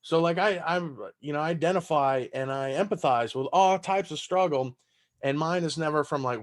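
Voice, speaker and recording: A man from Texas, a stand-up comedian with a Southern American accent, chats loosely on a podcast at normal speed, his pitch fairly high. He swears and laughs while telling stories.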